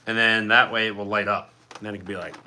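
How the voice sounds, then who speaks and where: A man's voice: on the low side, steady tone, fast, bright, forceful tone. A man chatting casually to his live-stream viewers at home, rambling and distracted as he fiddles with props.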